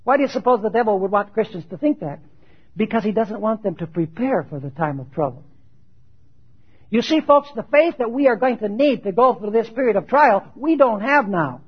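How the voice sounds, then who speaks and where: A man preaching a sermon, animated, asking rhetorical questions and building to emphatic shouted peaks, in a dull lo-fi recording. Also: very high voice, fairly quick, husky.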